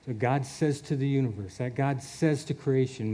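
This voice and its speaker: A man's voice: mid-range voice, normal speed, dark tone. A man preaching a sermon in an earnest way, chuckling often and repeating his words.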